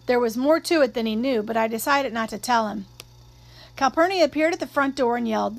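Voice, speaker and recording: A woman narrating a first-person novel aloud in a measured, expressive storytelling manner. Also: a little high, creaky. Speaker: audiobook narrator.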